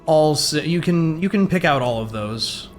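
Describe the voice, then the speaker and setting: A man narrating a tabletop game as game master, in a halting, thoughtful way. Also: on the high side, lively intonation, faint music behind.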